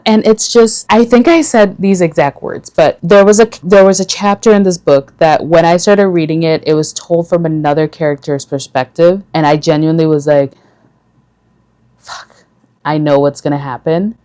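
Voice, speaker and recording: Chatty woman vlogger, lowish voice. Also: warm tone. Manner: chatty, gushing, full of fillers and asides. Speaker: book vlogger. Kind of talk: casual book-tag vlog chat.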